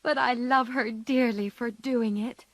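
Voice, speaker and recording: Lady voicing a shy soft girl, quiet, slow. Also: a little high, fairly even intonation, no echo, pitched above the performer's own voice. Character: shy, gentle young girl.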